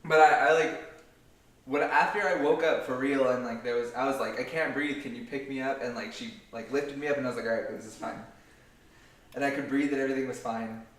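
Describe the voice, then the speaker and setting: A man's voice: medium pitch, fairly even intonation, a little fast. A young man, a guest cook, chatting casually in a laid-back, wry way. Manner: laid-back, wry, laughs at own stories. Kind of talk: casual chat. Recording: echoey kitchen, mic far off.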